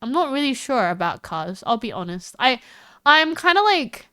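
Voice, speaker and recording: A woman's voice: sing-song, moderate pace, sharp tone, clean tone, no room sound. A woman with an Australian accent, rambling and giggling through casual chat with her live stream audience. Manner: rambling and giggly, with big jumps in pitch.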